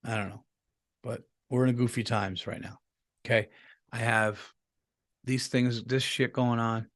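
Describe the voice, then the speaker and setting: A man's voice: medium pitch, little pitch movement, measured pace, a bit bright. A man hosting a podcast, rambling through a casual comedic monologue with lots of swearing and restarts. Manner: rambling, profane, full of restarts. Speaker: podcast host. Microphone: podcast microphone, on camera.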